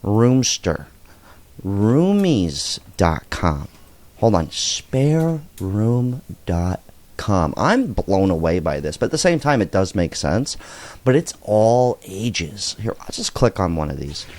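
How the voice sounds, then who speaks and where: Low-voiced man ranting casually. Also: slow. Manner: animated, blunt, swears casually. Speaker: commentary video host. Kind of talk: casual reaction commentary.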